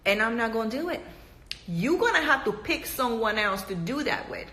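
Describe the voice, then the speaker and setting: A woman vents to camera, blunt, emphatic and full of profanity. Her voice is bright and forceful, and it rings around an echoey room. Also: a little high, big pitch swings, normal speed. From Panama. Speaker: reality TV cast member. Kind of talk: casual profane rant to camera.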